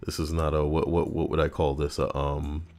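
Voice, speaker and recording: A man live-streaming, reacting and chatting casually, swinging between loud outbursts and low mutters. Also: completely flat delivery, moderate pace.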